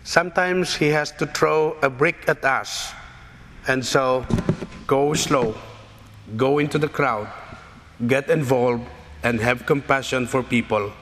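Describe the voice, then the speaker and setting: A male pastor preaching a sermon in a church, telling a story slowly and deliberately. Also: mid-range voice. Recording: church reverb, faint noise.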